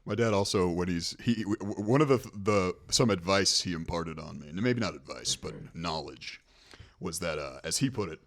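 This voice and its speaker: Animated laughing podcast co-host, low voice. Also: male voice, moderate pace. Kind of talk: casual comedy chat.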